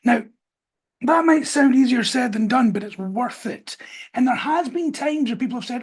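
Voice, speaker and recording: Husky man giving firm dog advice. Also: extremely high pitch, expressive, moderate pace. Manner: direct, firm instructions with stretched-out emphasis. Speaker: podcast host, dog trainer. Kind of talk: casual advice talk.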